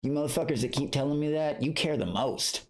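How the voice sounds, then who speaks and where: A grown man streaming live, chatting loosely with his viewers in a rambling, profane way and jumping into a higher, excited voice when he greets them. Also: fairly quick. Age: adult. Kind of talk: casual livestream chat.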